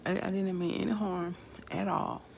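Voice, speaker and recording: A woman vlogger delivering a rambling, profane monologue that swings between quiet muttering and angry shouting. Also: lowish voice, steady tone, normal speed, gravelly, a little hiss or hum.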